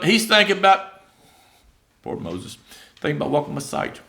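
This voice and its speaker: A man's voice: fairly high pitch, very animated, moderate pace, creaky, pauses often, bright, forceful tone. A man preaching an informal sermon in a church, chatting through scripture and acting out the voices of biblical figures. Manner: conversational, acts out biblical voices, many fillers.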